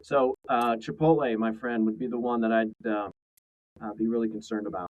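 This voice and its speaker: A man's voice: on the low side, fairly even intonation, normal speed, phone-quality sound. A man co-hosting a casual trade podcast, talking in a rambling way full of restarts. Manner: rambling, many fillers and restarts. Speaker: co-host.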